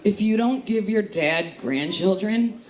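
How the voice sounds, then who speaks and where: A woman from the Chicago area doing a stand-up comedy set on a club stage, with a punchy, lively delivery. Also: mid-range voice, a little slow. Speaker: stand-up comic. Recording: live club with echo and crowd laughter. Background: laughing audience.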